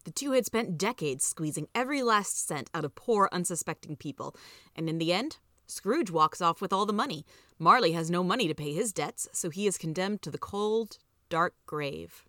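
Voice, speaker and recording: A woman narrating a storybook tale in a measured, even way. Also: lowish voice, no room sound, clean studio sound. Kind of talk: storybook reading.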